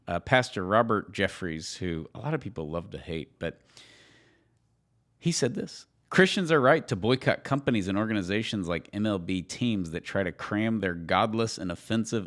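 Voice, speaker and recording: Low-voiced joking podcast co-host man. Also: normal speed, a bit bright. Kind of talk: casual podcast chat.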